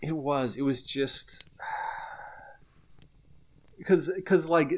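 A man co-hosting a podcast in casual chat, rambling with lots of fillers and getting animated. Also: on the high side, extremely slow. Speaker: podcast co-host.

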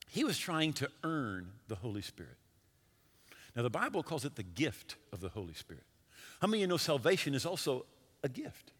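A man preaching a sermon as a pastor, telling a story with quick shifts between loud and hushed delivery. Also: medium pitch, breathy edge, long reverb tail.

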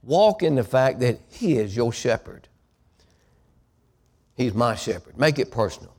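A man preaching a sermon as pastor, calling on the congregation to repeat after him and rising into loud, emphatic preaching. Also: mid-range voice, sing-song, measured pace, breathy edge.

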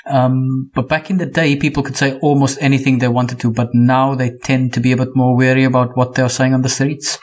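A man's voice: mid-range voice, little pitch movement, brisk, hardly any pauses. A man, giving plain, emphatic opinions in a casual video-call chat. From United Kingdom. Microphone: computer mic on a video call.

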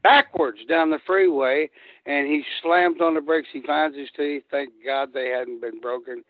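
Older man, rambling animated storyteller, tinny dry phone sound. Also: fairly high pitch, measured pace, no echo. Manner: rambling, animated storyteller who acts out quotes. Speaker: guest, retired pro wrestler. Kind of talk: casual storytelling.

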